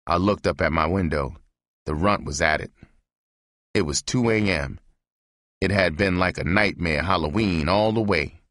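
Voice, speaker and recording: A man narrating a novel as an audiobook reading, in a measured, steady way. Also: low-pitched, no room sound, studio quality.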